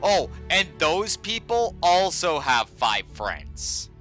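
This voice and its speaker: A man's voice: on the high side, big pitch swings, slow pace, sharp tone, soft background music. A man streaming a game live, ranting sarcastically and swearing a lot.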